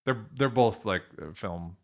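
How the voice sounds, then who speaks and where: A man's voice: fairly low pitch, unhurried. A man hosting a podcast from a dining room, telling stories in a rambling, self-interrupting way. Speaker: podcast host. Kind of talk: casual chat. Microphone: recording at a dining table.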